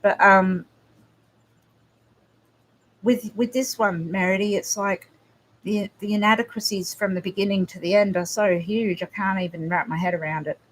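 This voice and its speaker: A woman hosting a casual livestream, answering viewers' comments in a halting, emotional way with frequent restarts. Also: mid-range voice, fairly even intonation. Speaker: livestream host.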